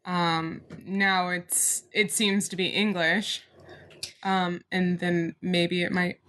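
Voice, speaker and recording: A woman's voice: lowish voice, level tone, slow, fairly bright tone. Questioning woman co-host in casual chat. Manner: questioning, corrects points. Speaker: podcast co-host.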